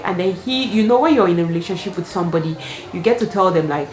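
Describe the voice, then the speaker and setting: A woman's voice: lowish voice, fast, hardly any pauses. A woman vlogger telling a story in a casual storytime style, laughing often and acting out the dialogue. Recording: echoey room with clear background noise.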